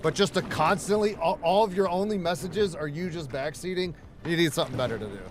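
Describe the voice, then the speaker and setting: Speaking fairly quickly with a fairly high voice, a streamer plays a video game and rambles profanely to his viewers. He banters casually, talking to the chat and to the game itself.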